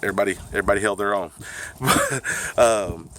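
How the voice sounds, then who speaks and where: A man's voice: lowish voice, normal speed, pushed and bright, a little hiss or hum. A man telling a story on his vlog, laid-back and profane, often laughing as he talks. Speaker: vlogger. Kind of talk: casual storytime.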